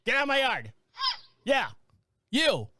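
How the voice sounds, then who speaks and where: Brief: man voicing a feisty tiny chihuahua, high yelps, defiant barking-style delivery, cartoonish. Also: wildly swooping pitch, measured pace, a little hiss or hum, heavily acted. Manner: shouted, high and yappy. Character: tiny fierce three-legged chihuahua dog, defiant.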